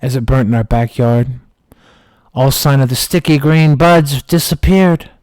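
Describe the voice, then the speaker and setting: A man streaming who tells a comic story with mock-dramatic, slow deadpan delivery. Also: mid-range voice, smooth, no room sound.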